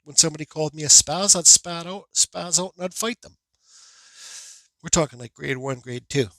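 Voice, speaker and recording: A man's voice: on the high side, moderate pace, bright, forceful tone, no room sound. A man who carves wood, telling a rambling personal story in blunt, profane, casual talk. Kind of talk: casual storytelling while carving.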